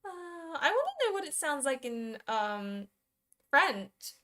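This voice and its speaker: A young woman hosts a relaxed live stream, laughing easily and answering her chat. Her voice sits a little high and rings bright and clear. She trips over words and tries out pronunciations with playful giggles. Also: slow pace.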